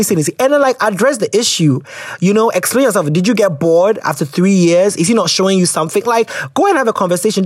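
Animated Ghanaian man, lively pitch. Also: slightly rough, dry recording, studio quality. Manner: playful and animated, slips into sassy quoted voices. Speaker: podcast host reading listener letters. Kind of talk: casual advice chat.

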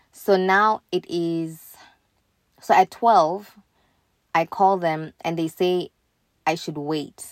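A woman casually telling a personal story in an animated way, acting out the lines of the people in it. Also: mid-range voice, unhurried, dry recording. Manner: animated, quoting others in her own voice.

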